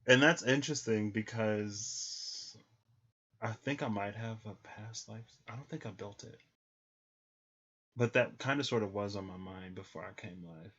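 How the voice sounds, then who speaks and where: Giving a relaxed livestream tarot reading, a man talks a little slowly in a fairly low, fairly bright voice with a breathy edge. He peppers his thinking aloud with ums, and the lo-fi recording is slightly muffled.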